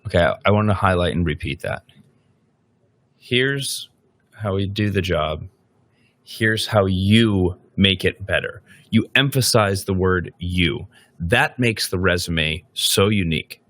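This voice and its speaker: Deep-voiced man hosting a podcast. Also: lively intonation, measured pace, a bit bright, dry recording. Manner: rambling, thinks aloud with frequent "right?". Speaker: podcast host. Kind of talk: podcast interview questions.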